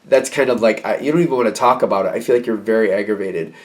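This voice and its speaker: A man giving a casual tarot reading, animated and repeating phrases as he acts out quoted reactions. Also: lowish voice, fast talker. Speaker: tarot reader.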